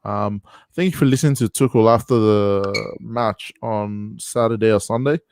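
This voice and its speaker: Low-voiced man with dry sound. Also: a little mellow, no room sound. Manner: measured, many ums. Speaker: panelist. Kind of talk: casual football analysis. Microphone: video call.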